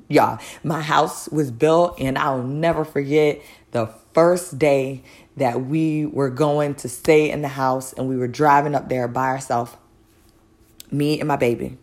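A woman's voice: deep voice, darkish tone. A woman telling a personal faith testimony, earnest and conversational, speaking directly to listeners.

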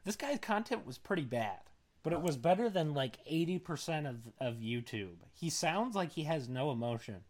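A man's voice: a little high, big pitch swings, normal speed. A young man co-hosting a casual podcast chat, rambling with lots of fillers and tangents, sounding tired. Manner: rambling, filler-heavy, self-deprecating. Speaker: podcast co-host.

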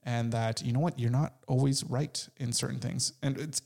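A man's voice: medium pitch, steady tone, moderate pace, creaky, a little mellow. A man in his forties chatting bluntly about relationships, joking and swearing freely. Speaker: co-host. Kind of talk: casual chat.

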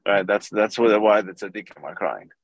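A man's voice: lowish voice, normal speed, dry recording, muffled recording. A man leading a casual Talmud study class, explaining loosely with fillers and quoting Hebrew and Aramaic terms. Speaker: teacher leading a Gemara class.

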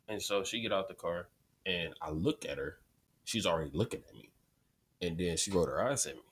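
A young man hosting a podcast, telling stories in a slangy, profane, casual way. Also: slightly rough. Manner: slangy, profane storytelling, gets loud and high when worked up. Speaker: podcast host. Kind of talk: casual solo podcast rant.

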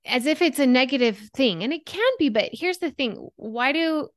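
A woman in her thirties, a podcast guest talking about emotions, telling stories with lively shifts into quoted thoughts. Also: sits high, normal speed, no room sound, clean studio sound. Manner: animated storyteller, voices her own and others' thoughts. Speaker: podcast guest, anxiety coach. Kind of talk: conversational interview.

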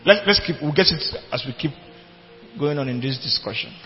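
A man's voice: on the high side, animated, brisk. A man preaching a sermon, emphatic, repeating his points and asking the congregation if they follow. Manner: emphatic, asks the congregation questions, repeats phrases. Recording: dull long hall reverb with faint music.

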